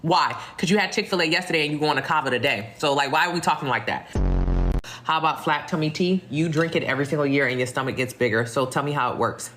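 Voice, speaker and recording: A man's voice: on the high side, fast, pushed and bright. A man answering live comments as a fitness coach, blunt and mocking as he reads questions and roasts the people who sent them. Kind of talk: blunt livestream Q&A. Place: indoors at home, streaming live. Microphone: phone mic. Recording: music playing behind.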